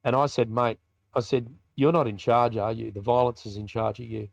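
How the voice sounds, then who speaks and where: A man's voice: medium pitch, fairly even intonation, moderate pace, vocal fry, no echo, highs cut off. An Australian man, a biker ministry leader, telling a personal story in a podcast interview in a colloquial, vivid way and acting out the dialogue.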